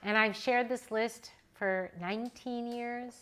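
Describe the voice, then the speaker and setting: A woman in her forties, a newborn photographer and educator, telling animated personal stories to an audience in a casual way. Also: a little high, slow, clear, resonant tone. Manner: animated, chatty, personal anecdotes. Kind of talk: casual storytelling to a live audience.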